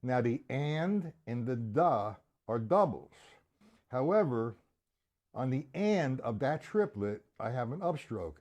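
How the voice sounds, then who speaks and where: A man's voice: medium pitch, very animated, takes it slowly, darkish tone, slight background noise. A man teaching a live-streamed drum lesson, breaking patterns down step by step, counting beats aloud and speaking to viewers by name.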